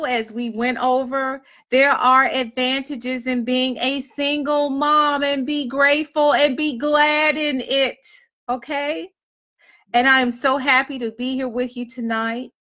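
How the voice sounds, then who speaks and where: Middle-aged dc woman giving an emotional pep talk to single moms, earnest, repeats herself for emphasis, kinda high voice. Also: steady tone, takes it slowly, bright, forceful tone. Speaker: speaker addressing single mothers. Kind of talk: motivational talk to an audience.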